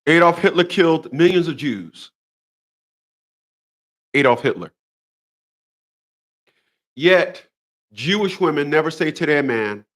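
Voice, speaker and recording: Animated mocking man ranting to viewers. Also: on the high side, slow pace, long pauses. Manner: mocking, laughs at his own jokes, repeats phrases. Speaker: commentary vlogger. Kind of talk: monologue rant.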